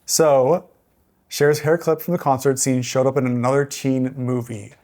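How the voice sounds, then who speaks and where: A male podcast guest at an ordinary middle pitch, sharing trivia in relaxed conversation. He reads out each fact and then drops playful hints like a quizmaster. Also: unhurried. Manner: reads out trivia facts, teasing quiz-style hints. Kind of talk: casual movie chat.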